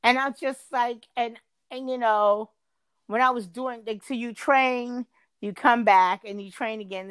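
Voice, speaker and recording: A middle-aged woman telling a long workplace story in casual chat, her voice jumping high when she gets exasperated. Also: smooth, no room sound. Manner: animated, swings to high excited pitch when exasperated.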